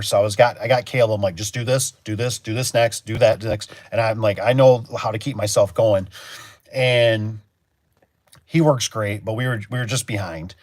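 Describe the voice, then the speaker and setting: A garage door technician chats on a casual livestream, telling rambling stories and acting out his own reactions. His voice is fairly low, and the recording is dry.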